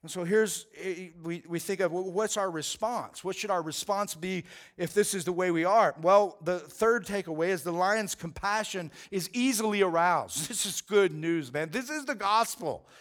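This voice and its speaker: Speaking at a moderate pace, this man preaches as a pastor, his voice sitting high with a fairly bright tone. He's earnest and conversational, frequently repeating words along the way.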